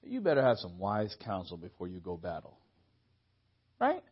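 Lively young male preacher, lo-fi sound. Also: deep voice, normal speed, slightly rough. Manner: lively storytelling, acts out dialogue, laughs often. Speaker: pastor. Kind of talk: sermon. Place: church hall.

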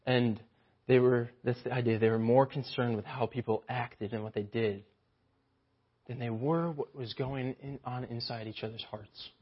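Man, preacher, sermon, animated, husky voice, muffled lo-fi recording. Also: mid-range voice, moderate pace. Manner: animated, acts out mocking voices of the Pharisees.

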